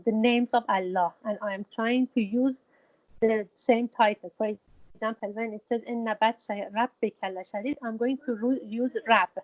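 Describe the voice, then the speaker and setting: Woman, lesson delivery, halting and repetitive, somewhat high voice, muffled recording. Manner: hesitant, many restarts and fillers, repeats key words for emphasis. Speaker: Quran teacher. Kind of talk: explanatory lesson. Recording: dull lo-fi recording.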